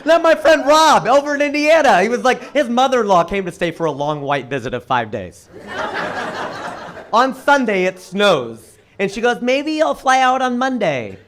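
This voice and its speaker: A man performing a stand-up comedy set, with animated punchline delivery and acted-out quoted voices. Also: high-pitched, normal speed, slight background noise. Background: audience laughter.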